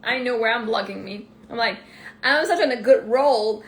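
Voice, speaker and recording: A woman with a Québécois French accent, talking through a live podcast monologue, animated, laughing often and swearing freely. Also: on the high side, normal speed. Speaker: life coach podcast host. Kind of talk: live-streamed personal monologue. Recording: echoey room with faint ambient noise.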